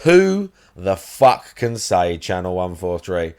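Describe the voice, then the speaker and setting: A man hosting a livestream, talking in a crude, mocking, rapid-fire way. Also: low voice, very animated, clean tone. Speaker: livestream host. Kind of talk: casual livestream commentary.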